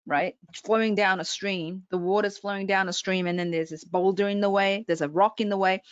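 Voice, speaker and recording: A woman's voice: medium pitch, no room sound, muffled recording. A woman public speaking coach presenting an online workshop, talking straight to her audience with frequent check-ins.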